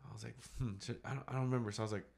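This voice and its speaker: A man's voice: mid-range voice, steady tone, rapid-fire, gravelly, darkish tone. A man, a father, chatting casually as co-host and telling a long story, acting out his own past thoughts and swearing now and then. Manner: rambling, acts out his own past thoughts with lots of "I was like".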